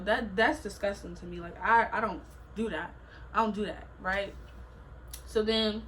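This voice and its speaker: Animated young woman telling a storytime. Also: mid-range voice, slight background noise, low-quality recording. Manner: animated slangy storytelling, acting out quotes. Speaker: vlogger. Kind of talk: casual storytime.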